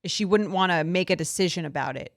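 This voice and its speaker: A woman's voice: on the low side, quick pace. A woman co-hosting a podcast in casual chat, talking thoughtfully with frequent "like" fillers. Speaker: podcast co-host.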